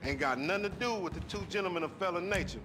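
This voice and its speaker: An actor playing a wisecracking young male street hustler in a video game, talking in loud joking street slang. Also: high voice, quick pace, background noise, close to an everyday voice. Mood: jokey. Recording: loud game sound effects behind.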